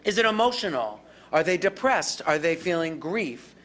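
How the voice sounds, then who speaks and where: A woman giving a live workshop on dementia care, animated and acting out calm, reassuring caregiver lines. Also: fairly low pitch, normal speed.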